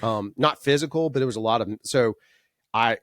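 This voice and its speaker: A man in his forties, a podcast guest telling rambling, animated anecdotes full of restarts. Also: medium pitch, normal speed, no echo, clean studio sound. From Alabama. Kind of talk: casual storytelling.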